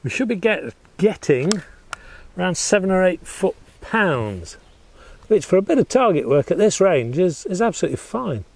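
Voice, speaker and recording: A man from the United Kingdom hosting a casual airgun review, chatty and quick to laugh at himself, partly recorded outdoors in a paddock. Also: high-pitched, big pitch swings, a little mellow, slightly rough. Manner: chatty, laughs often, self-mocking. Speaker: host.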